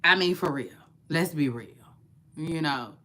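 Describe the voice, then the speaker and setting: A woman's voice: low voice, unhurried, pushed and bright. Drawling chatty woman vlogger. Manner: chatty, repeats herself, drawling asides. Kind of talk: casual gossip commentary.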